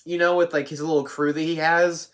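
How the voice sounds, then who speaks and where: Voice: medium pitch, level tone, a little fast, a bit bright. A film reviewer talking casually and unscripted, rambling with many restarts and free swearing. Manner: rambling, lots of fillers and restarts, swears freely.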